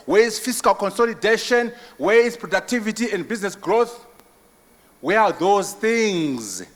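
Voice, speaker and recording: A Zimbabwean man giving a conference keynote and answering questions, emphatic and forceful, with repetition and rhetorical questions. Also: a little high. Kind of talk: impassioned conference speech. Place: large conference hall. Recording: long hall reverb.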